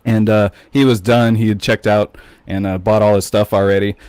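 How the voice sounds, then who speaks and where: An American man co-hosting a podcast, chatting casually and telling animated stories. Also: on the low side, moderate pace, clean tone, no room sound. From United States. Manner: animated storyteller, mimics voices loudly. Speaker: podcast co-host. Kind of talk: casual chat.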